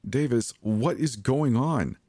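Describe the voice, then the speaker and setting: A man voicing a frightened young woman in a storybook horror reading, high and pleading. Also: lively intonation, moderate pace, no echo. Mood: terrified.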